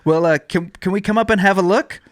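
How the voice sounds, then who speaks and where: A man's voice: sits high, fast, no room sound, clean studio sound, voice pushed up, lightly acted. A man in his thirties playing an earnest, commanding legendary king, proclaiming in a raised, formal voice. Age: 30s.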